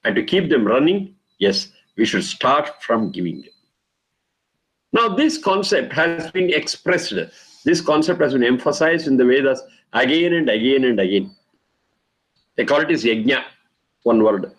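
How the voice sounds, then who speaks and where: A man in middle age gives a patient lecture on Vedic mantras. He repeats key ideas again and again and chants the verses slowly, one syllable at a time. His voice sits at an ordinary pitch for a man. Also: animated, fairly bright tone, rough recording. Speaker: Vedic teacher.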